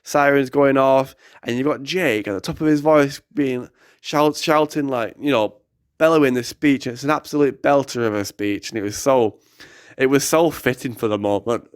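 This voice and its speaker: A young man with an animated, rambling manner, telling a story casually on a podcast. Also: mid-range voice, normal speed, clean tone, no room sound, studio quality. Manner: animated, excitable, rambling with fillers. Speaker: activist podcast host.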